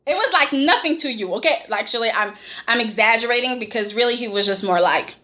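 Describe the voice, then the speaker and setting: This vlogger breaks down a soap opera episode casually, full of sass and energy, calling out the characters directly with a frequent "okay?". Her pitch is slightly high and her speed moderate.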